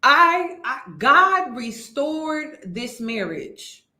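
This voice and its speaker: Woman host doing reaction commentary, bright sharp voice, echoey room. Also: sits high, extremely slow. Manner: animated, exclaiming, repeats herself.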